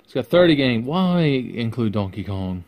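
A man's voice: medium pitch, very animated, moderate pace, a little mellow. A man casually vlogging from his bedroom while unboxing, sarcastic and profane, rambling to the camera balanced on his face.

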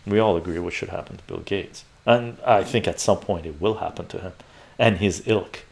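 Male streamer, low gravelly voice, sarcastic profane rants while reading chat. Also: moderate pace, darkish tone. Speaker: livestream host reading viewer chat. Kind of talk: ranting livestream commentary.

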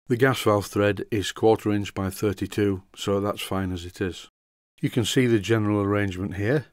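An older man with a mild Yorkshire accent, narrating a workshop tutorial in a measured voice with deadpan dry humor. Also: on the low side, no echo. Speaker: model engineering tutorial host.

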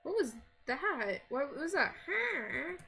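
A gaming video creator narrates her own gameplay in casual let's-play commentary, chatting to herself, grumbling, and startling easily. Her voice sits high and sing-song, slow, bright, and forceful.

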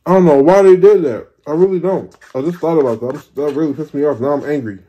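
A man's voice: a little high, mellow, dull audio, a little hiss or hum. A man in his thirties, a food vlogger, ranting in an exasperated, swearing way during a mukbang. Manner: exasperated, swearing, drawn-out complaints. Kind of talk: mukbang rant.

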